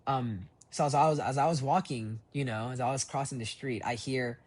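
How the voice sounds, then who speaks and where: A young man talks into his phone's voice memo app with a husky, breathy edge to his voice. He rambles in a loose, reflective way, restarting his sentences and leaning on fillers. His pitch sits in a middle range for a man. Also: fairly quick. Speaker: voice diary keeper. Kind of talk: personal voice memo diary.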